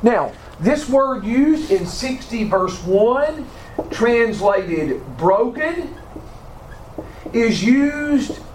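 Slow, deliberate male Bible teacher. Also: very high voice, animated, slight background noise. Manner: slow, deliberate, with repeated restarts. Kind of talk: classroom Bible lecture.

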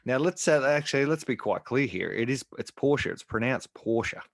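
A man's voice: medium pitch, animated, brisk, creaky, no echo. A man co-hosting a casual motorsport podcast, chatty with lots of fillers and restarts. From Australia. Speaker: podcast co-host.

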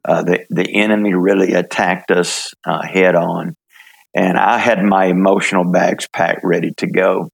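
An older man from the United States telling his story in an interview, halting, with many fillers and restarts. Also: low-pitched, flat delivery, vocal fry, slightly rough. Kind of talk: relaxed testimony in conversation.

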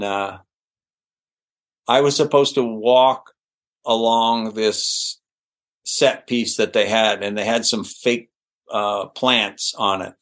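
A middle-aged man, an actor guest on an interview show, telling anecdotes in a lively way with laughs and restarts. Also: mid-range voice. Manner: animated, laughing, with restarts and fillers. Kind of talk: anecdotal storytelling.

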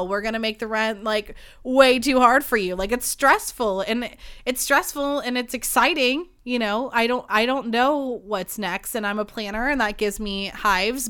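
A woman's voice: on the high side, fairly bright tone, clean tone. A young woman hosting a podcast, talking candidly about a breakup, close to tears, swearing, filling her talk with likes and you knows. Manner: emotional, swearing, many fillers. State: holding back tears. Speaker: podcast host. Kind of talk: candid personal monologue.

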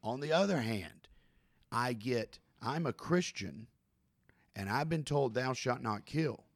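A man's voice: mid-range voice, lively intonation, takes it slowly, no echo, studio quality. A middle-aged man hosting a casual discussion, earnest and searching, thinking aloud with restarts.

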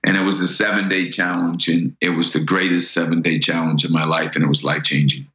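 A man's voice: deep voice, little pitch movement, a little fast, a bit bright, reverberant, rough recording. A middle-aged man telling an earnest personal story as an interview guest, often repeating words as he starts a sentence.

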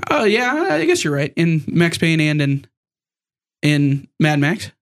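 A man co-hosting a casual gaming podcast, joking around and talking in quick bursts with fillers. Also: a little high, big pitch swings. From United States. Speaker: podcast co-host.

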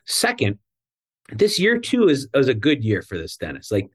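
A man's voice: mid-range voice, huge pitch swings, husky. A male guest, a coaching company executive, explaining financial terms in a methodical way. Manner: measured, methodical, some fillers. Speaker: dental practice coaching CEO, guest. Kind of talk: explanatory interview answer.

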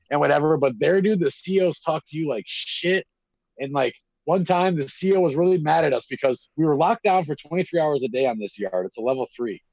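A man, telling stories in casual chat, animated and acting out quotes with lots of fillers and swearing. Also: medium pitch, no echo. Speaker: guest telling prison stories. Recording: dull lo-fi dry recording.

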